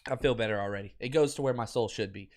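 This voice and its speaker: A man hosting a sports podcast, ranting in an animated, exasperated way at a close desk mic, going from near-shouting to low muttering. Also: fast talker. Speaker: podcast host. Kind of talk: sports talk rant.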